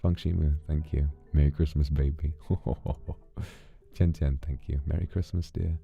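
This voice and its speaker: A man streaming from home who reads out thanks to his fans in a soft, intimate way and is close to tears. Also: a bass voice, little pitch movement, a little fast, vocal fry, breathy edge. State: emotional, holding back tears. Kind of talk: casual livestream talk, reading out fan thanks. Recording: dull lo-fi audio with faint music.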